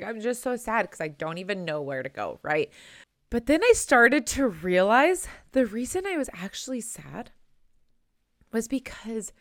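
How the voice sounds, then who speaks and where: A woman's voice: mid-range voice, a bit bright, no room sound, studio quality. A young adult woman hosting her own podcast, talking earnestly and chattily, often tagging "right?" onto her thoughts. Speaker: podcast host. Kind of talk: personal podcast monologue.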